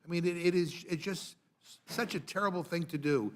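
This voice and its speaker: A man on a congressional committee, speaking in an exasperated and halting way. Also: high voice. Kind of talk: committee hearing remarks.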